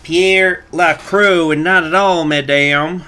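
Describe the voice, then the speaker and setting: A man's voice: a little high, steady tone, slow, sharp tone, smooth, pitched above the performer's own voice. A man voicing an obliging male griffon farmer with a put-on accent, reading game event text aloud. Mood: eager.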